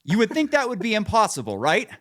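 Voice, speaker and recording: Profane, animated man telling a story. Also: fast talker. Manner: acts out quoted voices, pitching up. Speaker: podcast co-host. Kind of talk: casual podcast chat.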